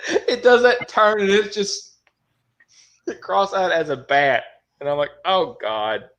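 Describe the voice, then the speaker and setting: A man's voice: high-pitched, lively intonation, measured pace, a bit bright. A man co-hosting a casual podcast, bantering with crude jokes. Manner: profane, joking banter. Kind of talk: casual chat.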